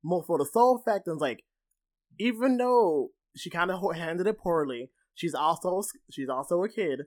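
A man co-hosting a casual film discussion, animated and full of "like" fillers. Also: high-pitched, normal speed. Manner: animated, filler-heavy, lots of "like". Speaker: podcast co-host.

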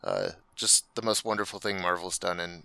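Deep-voiced, crisp man on a podcast. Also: big pitch swings, bright, forceful tone, no room sound. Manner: halting, hesitant, frequent fillers, laughs. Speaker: podcast co-host. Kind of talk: casual film review chat.

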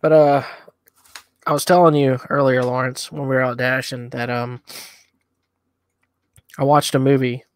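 A man co-hosting a podcast in a relaxed, rambling chat, eating hot wings between sentences. His voice sits at an ordinary pitch and is recorded close and dry, with no room sound. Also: unhurried, pauses often, no room sound. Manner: easygoing, rambling with fillers. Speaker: podcast co-host.

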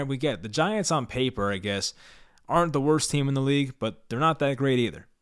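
A young man from New Jersey giving a fan reaction rant about his team, sarcastic and exasperated, often repeating himself. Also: mid-range voice. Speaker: sports fan vlogger.

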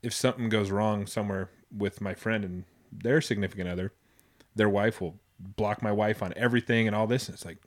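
A man's voice: fairly low pitch, steady tone, fairly quick. A man hosting a casual podcast chat, rambling and loose, swearing casually as he talks. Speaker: podcast host. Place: Boise area, United States.

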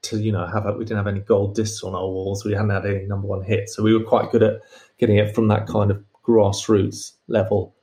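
A man, a guest in an interview, telling a lively anecdote and acting out the voices he quotes. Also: on the low side, brisk. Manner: storytelling, acts out quoted voices. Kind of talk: animated anecdote.

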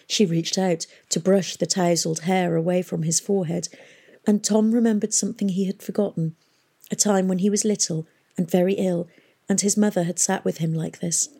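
A woman reading an audiobook in measured, unhurried narration. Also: on the low side, steady tone, creaky, dark tone, breathy edge. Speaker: audiobook reader.

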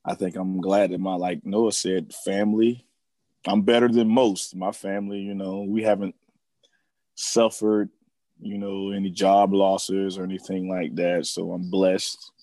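A man's voice: low-pitched, level tone, a little slow, dark tone, no echo. A man co-hosting a podcast in easygoing, joking casual chat. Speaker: podcast co-host.

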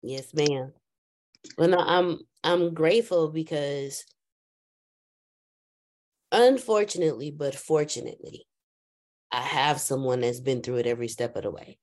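A woman in her thirties on a video call, talking reflectively and haltingly, with many restarts. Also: low-pitched, darkish tone. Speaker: group call participant, aspiring foster mom. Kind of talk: casual emotional chat.

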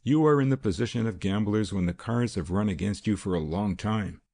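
A man voicing a calm, stern vigilante who speaks quietly and with total confidence. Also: on the low side, brisk.

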